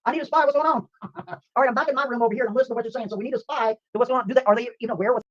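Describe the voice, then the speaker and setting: A man hosting a livestream, chatting rapidly and upbeat with frequent laughs. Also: extremely high pitch, dull audio. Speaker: livestream host. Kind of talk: excited livestream chat. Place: home streaming room.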